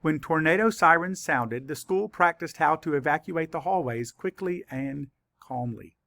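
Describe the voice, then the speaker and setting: A man teaching a spelling lesson to children, saying words slowly and spelling them out letter by letter. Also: on the high side, lively intonation, gravelly, pushed and bright, dry recording. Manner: slow, careful letter-by-letter spelling.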